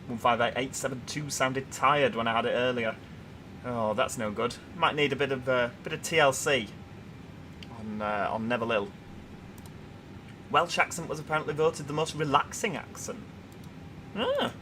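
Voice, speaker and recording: Bright chatty Yorkshire man streaming. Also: mid-range voice, moderate pace, slight background noise. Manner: chatty, reads viewer comments aloud. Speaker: livestream host. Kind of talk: casual livestream chat.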